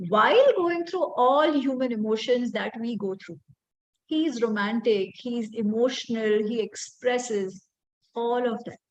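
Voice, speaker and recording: A woman's voice: fairly high pitch, highs cut off. A woman giving an impassioned talk, quoting Sanskrit verses. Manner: expressive, quotes Sanskrit verses. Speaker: speaker on the Ramayana.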